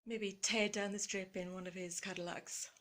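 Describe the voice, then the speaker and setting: A woman's voice: medium pitch, level tone, moderate pace, slight background noise. A woman with a playful, theatrical and self-mocking way of talking, showing off vintage clothes in a light-hearted chat. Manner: theatrical and self-mocking, often drops to a hush. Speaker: vlogger.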